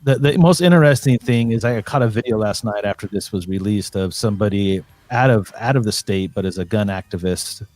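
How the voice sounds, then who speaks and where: A man's voice: fairly low pitch, a little fast, few pauses, a little mellow, dry recording, soft background music. A man calling in from home as a guest, talking in a rambling, earnest way with many fillers and restarts. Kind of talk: casual call-in chat.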